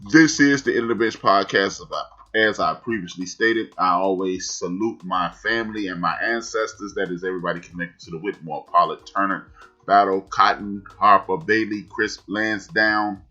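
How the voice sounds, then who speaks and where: A lower-pitched man hosts a sports talk podcast with a bright, forceful edge, talking in an emphatic, animated way. The sound is dull and lo-fi, with faint music underneath. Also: normal speed. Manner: animated, emphatic, with shout-outs. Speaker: podcast host.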